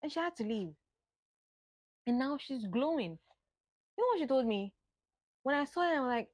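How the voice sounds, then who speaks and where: A woman's voice: fairly high pitch, lively intonation, fairly quick, long pauses, no echo, clean studio sound. Earnest woman giving heartfelt advice. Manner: earnest, exclaiming, mixes local words into English. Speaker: speaker giving a monologue. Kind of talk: impassioned advice monologue.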